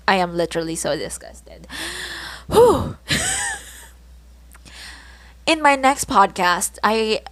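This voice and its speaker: A woman's voice: on the low side, a bit bright, no echo. A young woman with a Filipino accent hosting a casual solo podcast, telling stories from her own life with laughs, groans and self-mocking asides. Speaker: podcast host.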